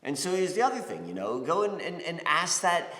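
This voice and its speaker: A man's voice: on the high side, big pitch swings, a little fast, fairly bright tone. A man from the United States giving a casual spiritual talk, rambling with many fillers, restarts and "you know"s. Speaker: spiritual podcast host. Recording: roomy reverberant space.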